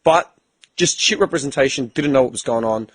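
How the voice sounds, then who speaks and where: A man's voice: medium pitch, brisk, a bit bright, slightly rough. A young man hosting a casual podcast chat, telling stories in a blunt, profane way. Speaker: podcast host.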